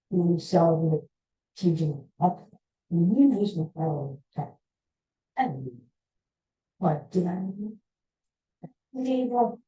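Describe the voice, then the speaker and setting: A woman's voice: lowish voice, mellow. Rambling jokey woman host, dull lo-fi sound. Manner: rambling, jokey, teasing the studio crew. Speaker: podcast host. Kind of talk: casual chat.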